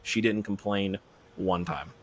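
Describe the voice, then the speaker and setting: A man being interviewed as a filmmaker guest on a podcast, talking in a relaxed, rambling way. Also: lowish voice, measured pace.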